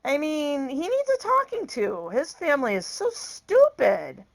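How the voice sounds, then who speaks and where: A woman's voice: sits high, huge pitch swings, a little slow, creaky, few pauses. Blunt, exasperated middle-aged woman. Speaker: vlogger. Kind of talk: casual storytelling vlog.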